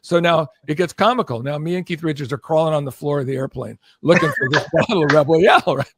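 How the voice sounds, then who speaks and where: An older man spins a lively anecdote as a podcast guest, slipping into the voices of the people he quotes. His voice sits a little higher than most men's, and the recording is close and dry with no room sound. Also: fast talker, slightly rough, no echo. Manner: animated, acts out quoted voices, keeps checking in with "okay?". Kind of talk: anecdotal storytelling in conversation.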